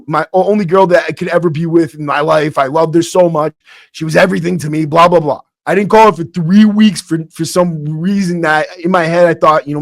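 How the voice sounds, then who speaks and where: With a voice that's a little high, a podcast host who was once in prison delivers a casual storytelling monologue. He's blunt and streetwise, frequently saying "bro" and going back to restart sentences. There's faint acoustic guitar music, and the clean studio recording has no room sound.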